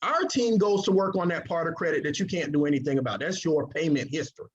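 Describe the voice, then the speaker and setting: A man giving an energetic sales presentation, drawing call-and-response from his audience. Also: fairly high pitch, fast talker. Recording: dull lo-fi recording.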